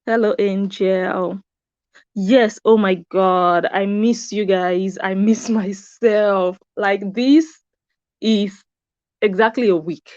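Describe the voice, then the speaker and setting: A woman's voice: medium pitch, steady tone, slow pace, darkish tone, dry recording, highs cut off. A woman hosting a live stream from a room upstairs at home, chatting casually and greeting her viewers by name. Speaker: YouTube host.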